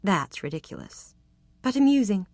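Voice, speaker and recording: A young gentleman speaks with cautious, stuffy propriety and a hint of fluster, as a woman voices him. The sound is dry and close, at a mid pitch. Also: sing-song, moderate pace, no echo.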